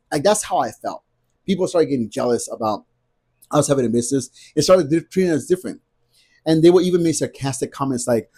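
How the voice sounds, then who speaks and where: Husky, mellow-voiced man ranting to camera. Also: a little high, expressive, brisk. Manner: emphatic, repetitive, ranting. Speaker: vlogger. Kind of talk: casual talking-to-camera vlog.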